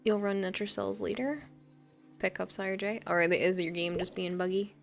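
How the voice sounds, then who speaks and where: Soft music plays behind a woman streaming a game, who chats and rambles at normal speed in a mid-range, gravelly voice with fairly even intonation. She reads messages from her chat out loud and laughs often along the way.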